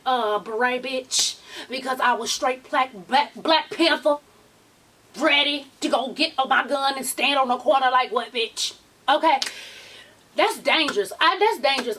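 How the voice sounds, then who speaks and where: A middle-aged woman vlogger in casual chat, talking in an animated, sassy, profane way, a little off the mic. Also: high-pitched, recorded from a distance, slight background noise.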